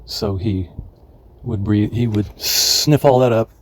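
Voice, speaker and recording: Man, 70s, from California. Unhurried, halting memoir narration in a slightly low voice. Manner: rambling and halting, searching for names.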